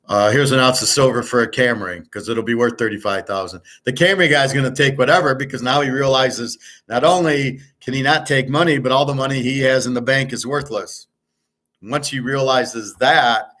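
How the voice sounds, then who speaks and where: An older man hosts a livestream, ranting bluntly and profanely at a viewer and repeating his points with emphasis. His voice is medium-pitched with a fairly bright tone.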